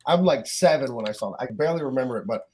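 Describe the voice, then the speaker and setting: American male co-host, eager casual talker, mid pitch, light hiss. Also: lively intonation, rapid-fire, darkish tone. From United States. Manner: curious, eager, lots of "like". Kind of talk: casual chat.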